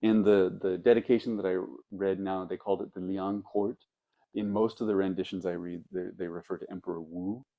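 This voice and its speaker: A Zen teacher with a low, mellow male voice gives a dharma talk. He tells old stories slowly and reflectively, pausing to let points sink in. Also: steady tone, highs cut off. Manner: reflective storytelling with pauses.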